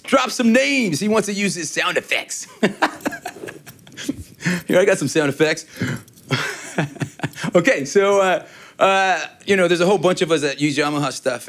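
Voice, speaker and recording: A man's voice: medium pitch, fairly bright tone. A man giving a casual guitar demo, telling rambling, joking stories between playing. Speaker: guitar demonstrator. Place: guitar shop.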